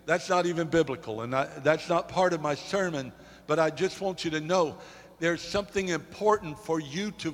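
A male pastor preaching a sermon, rising to emphatic peaks and dropping to quiet, halting asides with repeated words. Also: a little high, in a large hall. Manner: repeats words in false starts.

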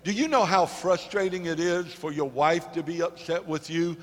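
A male pastor preaching a sermon, rising to emphatic peaks and dropping to quiet, halting asides with repeated words. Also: on the high side, long reverb tail. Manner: repeats words in false starts.

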